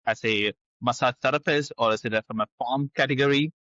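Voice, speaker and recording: A man's voice: mid-range voice, fairly quick, bright, forceful tone, no echo, lo-fi sound. A man hosting a business interview, asking casual questions full of fillers. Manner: conversational, filler-heavy questions. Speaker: podcast host.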